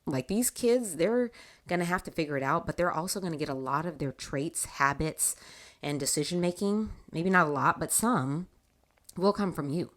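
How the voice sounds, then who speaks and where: Woman, podcast host, low pitch, casual faith talk, animated storytelling. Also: normal speed. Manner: animated storytelling with frequent laughs.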